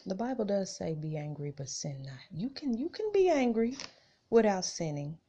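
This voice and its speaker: A woman hosts a podcast, reading scripture and chatting casually with listeners she calls "y'all," repeating phrases for emphasis. Her medium-pitched voice is mellow and sing-song at a normal speed. The recording is dull and lo-fi.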